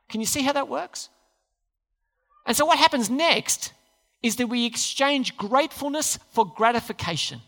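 Preacher, sermon, animated and questioning, long reverb from a large church hall. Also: high-pitched, moderate pace. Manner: storytelling with rhetorical questions, acted-out quotes.

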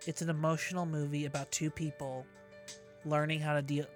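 A man talking films on a comedy podcast, halting and offhand in casual chat. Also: on the high side, level tone, soft background music. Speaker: podcast guest reviewer.

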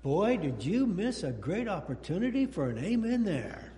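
High-voiced older man preaching animatedly. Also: normal speed, long reverb tail, heavy background noise. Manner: animated, jokey preaching with whoops and sung bits. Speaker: pastor. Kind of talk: sermon.

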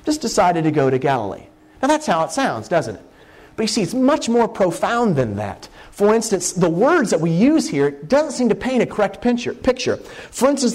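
Animated preacher with a lively, high-leaning voice. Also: male voice. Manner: animated, conversational, stresses key words slowly. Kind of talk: sermon teaching a Bible word study.

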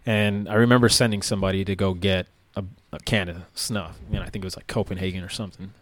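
He's a former police officer with a low-pitched voice who talks fast, casually recounting a story in a relaxed, wandering style packed with fillers.

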